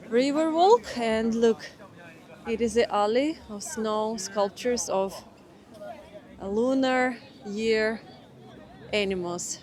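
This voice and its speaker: Slow, chatty Russian woman vlogging. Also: on the high side, a little mellow. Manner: chatty, exclaims in wonder, searches for English words. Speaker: travel vlogger. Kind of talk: casual travel vlog narration. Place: outdoors in a snowy city, in winter. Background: background music.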